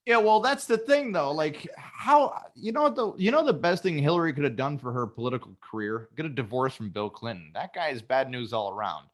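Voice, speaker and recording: A man's voice: a little high, brisk, hardly any pauses. A man hosting a podcast, joking crudely in casual chat. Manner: crude, animated joking with frequent laughter. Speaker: podcast host.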